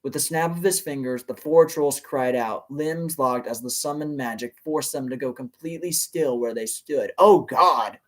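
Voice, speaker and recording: A man hosting a live reading of fan fiction, narrating and breaking in with loud, excitable exclamations. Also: mid-range voice, normal speed, few pauses. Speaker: channel host, reader.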